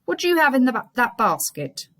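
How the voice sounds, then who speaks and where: A woman's voice: sits high, big pitch swings, brisk, a bit bright, voice pushed up. A woman reading a sly storybook wolf. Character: sly hungry male wolf in disguise.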